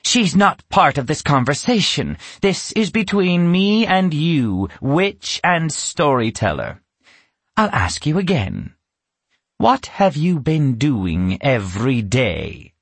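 A cruel, snapping witch, played by a man reading a storybook aloud, who turns from icy menace to shrieking rage. Her voice sits high, with swooping pitch and a husky grain, in a dry, close recording. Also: sing-song, takes it slowly, dry recording, full character voice. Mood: scolding. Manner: snapping, menacing, bursts into screams. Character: cruel, spiteful female witch who keeps children.

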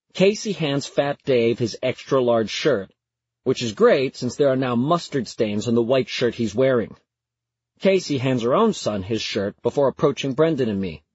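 A man narrates a first-person story in a conversational, storytelling manner, his husky voice rising and falling with lively intonation. The recording is close and dry, with a slightly dull, muffled tone. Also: mid-range voice, no room sound. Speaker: audiobook narrator.

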